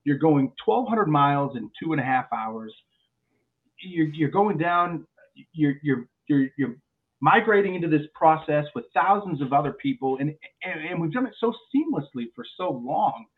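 A male airline pilot, a guest on a podcast, telling stories in a lively way and often restarting his words. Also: on the high side, moderate pace. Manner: animated storyteller with frequent restarts and repeated words. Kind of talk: podcast interview chat. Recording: phone-like narrow sound.

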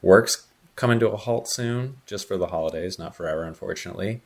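A man's voice: low voice, fairly quick, gravelly. A young man co-hosting a casual chat, rambling with many fillers and dry jokes. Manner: rambling, filler-heavy, joking. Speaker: podcast co-host.

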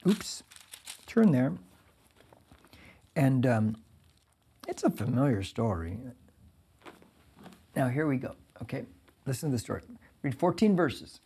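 A male pastor giving a conversational verse-by-verse sermon, reading scripture and breaking in with lively asides. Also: medium pitch, unhurried, vocal fry, pauses often, husky. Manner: conversational, animated preaching with asides.

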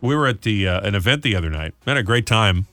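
Morning radio guy, bright voice, joking around and reading announcements. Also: fairly low pitch, expressive, quick pace, no room sound, faint music behind. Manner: jokey, chatty storyteller. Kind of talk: casual morning radio banter. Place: radio studio.

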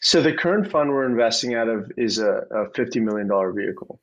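A man in his twenties from Arizona, a venture capital guest in a casual interview, talking in a relaxed way with many fillers and hedges. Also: medium pitch, quick pace, muffled recording. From Arizona, USA. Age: 20s.

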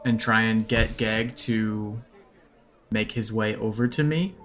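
A man's voice: on the low side, slow, a bit bright, soft background music. A man playing a tabletop game, searching for words with many fillers. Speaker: player. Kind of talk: casual tabletop play.

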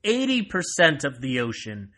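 An American man hosting a sarcastic solo monologue, reading out a news item and breaking off into mocking asides that swing from loud to muttered. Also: mid-range voice, wildly swooping pitch, normal speed. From United States. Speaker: solo commentary host.

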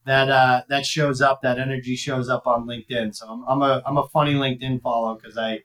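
Man, guest, blunt and intense, mid pitch, casual talk. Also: level tone, a little fast, a bit bright, rough recording. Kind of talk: casual interview chat.

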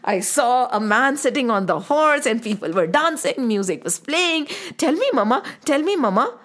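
High bright girlish voice, eager young girl, gushing and breathless, lively swooping pitch, as a woman puts her on. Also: moderate pace.

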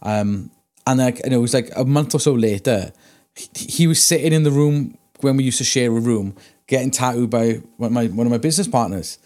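A man, a tattooist and podcast co-host, telling stories in casual chat with lots of swearing and animated ranting. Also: medium pitch, a little fast.

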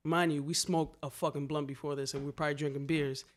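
Animated slangy New man telling stories. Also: a little high, quick pace. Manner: animated, swearing, slangy, acts out quotes. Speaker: graffiti writer telling stories. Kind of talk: casual storytelling.

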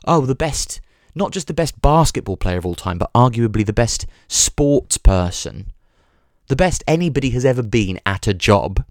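Delivering a meandering, comedic podcast monologue, a male host swears often and keeps stumbling and restarting. His medium-pitched voice has lively intonation at a moderate pace. The recording is dry, with clean studio sound.

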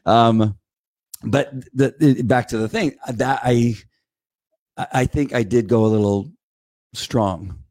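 A middle-aged man co-hosting a casual chat podcast, talking in a rambling way with many restarts and repeated words, and getting animated when he quotes others. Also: medium pitch, slow, long pauses, no room sound, clean studio sound. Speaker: podcast co-host.

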